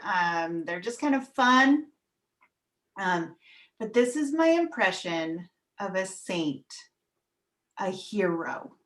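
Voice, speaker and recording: A woman's voice: medium pitch, a bit bright. A woman performs stand-up over a video call, taking her time with each line. She is wry and self-mocking and lets her punchlines stretch out. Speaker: stand-up comedian.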